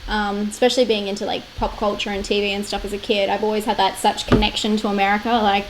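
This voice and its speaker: A woman's voice: medium pitch, little pitch movement, fast talker, background noise. A woman in her late twenties with an Australian accent, chatting casually on a live stream, laughing often and filling with "like". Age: 20s. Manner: chatty, laughs often, many likes and fillers.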